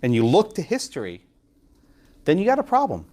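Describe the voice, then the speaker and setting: A man lecturing a law class, quizzing students and tagging points with quick questions. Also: on the high side. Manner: lively, quizzes students, frequent tag questions. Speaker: law professor.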